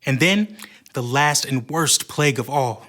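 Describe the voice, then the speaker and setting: A man narrating a scripted Bible story for children in an expressive way. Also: medium pitch, measured pace.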